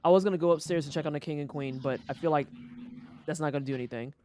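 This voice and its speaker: A woman's voice: deep voice, racing, mellow. A young woman streaming a game, ranting with heavy profanity and exasperation. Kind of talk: casual gameplay commentary.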